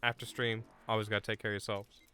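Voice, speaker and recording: A man live-streaming a video game, chatting with viewers in an excitable way, swearing and breaking into sudden loud outbursts. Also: on the low side, quick pace, clear, resonant tone, faint music behind. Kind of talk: live gameplay commentary.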